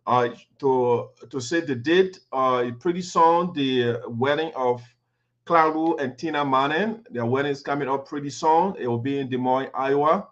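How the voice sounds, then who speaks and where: Chatty male talk show host, muffled audio. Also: mid-range voice. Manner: chatty, informal, many fillers and uhs. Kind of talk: live online talk show. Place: home studio, USA.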